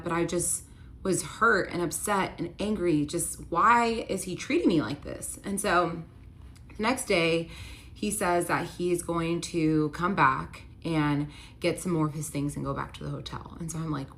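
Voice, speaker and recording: Young woman telling a storytime, kinda low voice, says like a lot, acts out what people said. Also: a bit bright, slight background noise. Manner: chatty, fillers of "like", acts out quotes. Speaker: storytime vlogger. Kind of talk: casual storytime.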